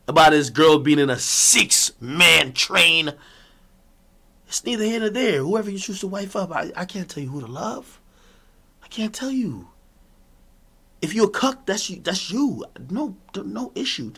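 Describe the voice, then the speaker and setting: A man with a high, animated voice rants on his own, mocking and boastful. His tone is bright and sharp, and he swings between loud taunts and low muttered asides. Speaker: streamer. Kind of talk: ranting monologue.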